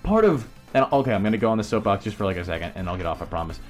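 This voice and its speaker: Rambling, animated male podcast host. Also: on the low side, very fast, faint music behind. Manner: rambling, animated, laughs often. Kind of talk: casual chat.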